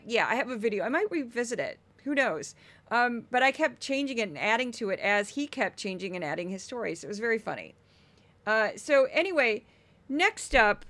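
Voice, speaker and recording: A woman podcast host talks through clips in a casual, animated way, laughing and now and then yelling. Her voice is quite bright and a little high, and it sounds dry and close. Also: no echo. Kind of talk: casual commentary.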